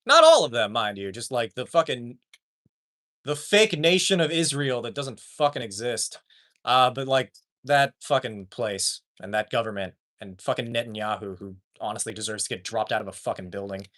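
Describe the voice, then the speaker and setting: A man's voice: mid-range voice, animated, moderate pace, a bit bright. Profane ranting male streamer. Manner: profane, ranting, reads chat aloud. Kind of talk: live stream chat.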